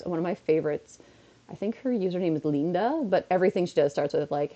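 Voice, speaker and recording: A woman's voice: fairly low pitch, fast talker, dark tone. A young woman chatting casually on a home livestream while playing a phone game, rambling from topic to topic and feeling a bit under the weather. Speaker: streamer. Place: indoors at home. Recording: dull lo-fi mic.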